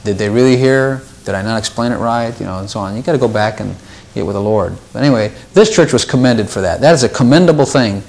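In an informal Bible study, a man with a mid-range voice talks things through casually. He tends to repeat words and raises his voice whenever he quotes scripture.

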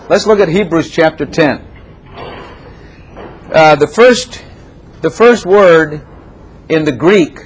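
A man preaching a sermon to a congregation in a church room, animated and repetitive, laughing often and quizzing his listeners. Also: a little high, slightly rough. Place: church room with chairs and a plant.

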